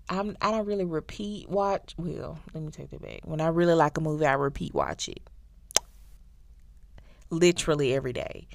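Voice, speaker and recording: Animated slangy woman recapping a show. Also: low-pitched, creaky, dry recording. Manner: animated, slangy, addresses listeners as y'all. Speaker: podcast host.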